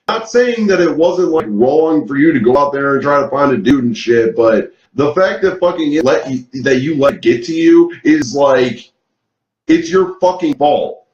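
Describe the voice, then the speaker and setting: A man's voice: fairly high pitch, lively intonation, moderate pace, a little mellow, roomy sound, lo-fi sound. A man giving a profane, angry rant as a show reviewer, swearing constantly and leaning on "like" as filler. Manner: swears heavily, rants angrily with filler "like".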